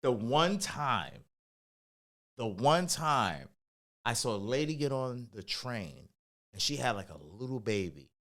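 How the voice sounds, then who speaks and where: A woman's voice: very deep voice, measured pace. A woman co-hosting a podcast, blunt and teasing in casual chat. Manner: blunt, teasing, deadpan asides. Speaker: podcast co-host.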